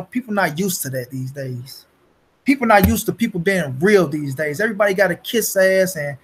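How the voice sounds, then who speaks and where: A man's voice: high voice, slight background noise, low-quality recording. A man hosting his own boxing talk channel, ranting bluntly and profanely in a casual monologue, repeating points and throwing in "you dig" and "bro.".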